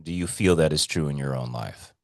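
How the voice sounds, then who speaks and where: A man co-hosting a podcast, telling stories in casual chat, animated and swearing freely. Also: extremely low pitch, brisk, dry recording, clean studio sound. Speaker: podcast co-host.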